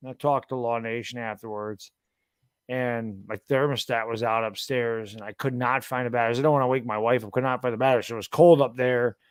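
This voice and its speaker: Here a man in his thirties, smooth and mid-range in tone, talks fairly quickly on a sports talk stream he co-hosts. The studio-quality audio has no room sound, and he yawns, sounds tired, and rambles through laid-back anecdotes.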